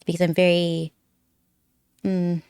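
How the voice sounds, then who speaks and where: A woman's voice: fairly low pitch, completely flat delivery, slow, darkish tone, smooth, no echo, studio quality. A young woman streaming from home at a desk mic, chatting casually with viewers in a giggly, rambling way and sounding a little nervous. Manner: giggly, chatty, rambling, puts on silly accents. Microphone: desk microphone.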